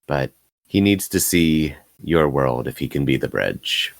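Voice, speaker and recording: A man's voice: rumbling low, expressive, a little slow, gravelly, voice pushed down, full character voice. A man voicing a solemn, imposing hero. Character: solemn imposing male hero, calm and unaggressive.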